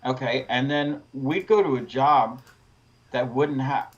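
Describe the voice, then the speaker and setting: A man's voice: mid-range voice, unhurried, muffled recording. Laid-back middle-aged storytelling man. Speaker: podcast guest, rope access window cleaner. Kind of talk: casual chat.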